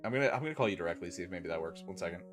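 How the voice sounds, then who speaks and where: A man's voice: low-pitched, expressive, very fast, music in the background. A man hosting a live stream with a headset, chatting loosely with his viewers and a guest. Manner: loose and profane, thanks viewers, talks with a guest on a call. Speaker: streamer host. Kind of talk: casual live-stream chat.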